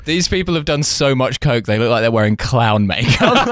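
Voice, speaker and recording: A man's voice: medium pitch, lively intonation, normal speed, fairly bright tone, dry recording, clean studio sound. A man, co-hosting a podcast in casual chat, rambling, swearing and mimicking voices. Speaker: podcast co-host.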